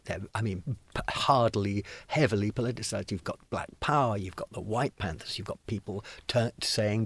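Male interviewee, low register, rambling recollection, dry close recording. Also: no room sound. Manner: rambling, with fillers and restarts. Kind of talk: conversational recollection.

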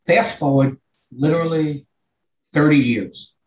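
A man's voice: fairly high pitch, measured pace, a little mellow, a little hiss or hum, low-quality recording. An older man with a New York accent, a retired teacher telling a long, earnest anecdote in conversation. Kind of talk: conversational storytelling.

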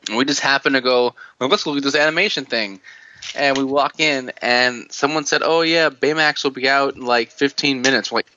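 A man's voice: medium pitch, a little fast, sharp tone, highs cut off. A man hosting a casual podcast chat, rambling, swearing and often laughing.

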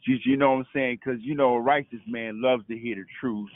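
A man's voice: mid-range voice, steady tone, a little fast, dry recording. A man from Brooklyn, calling in to share a testimony, full of stammered restarts and "you know what I'm saying". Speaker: caller. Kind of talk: casual testimony on a call. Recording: dry tinny phone line.

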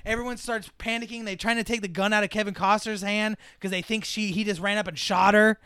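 Fast and clear, his high voice carries a resonant tone with no room sound. As a podcast co-host in a casual film discussion, he acts out scenes in lively retellings and swears freely.

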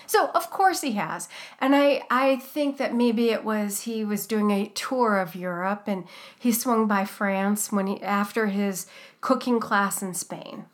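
A woman's voice: medium pitch, measured pace. A woman co-hosting a podcast, chatting casually and recapping a TV cooking show, with many fillers and restarts. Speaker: podcast co-host.

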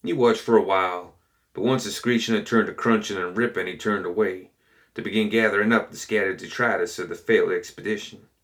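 A male reader telling a story in scripted narration. His voice sits on the low side, and his delivery is steady and measured. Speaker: audiobook reader.

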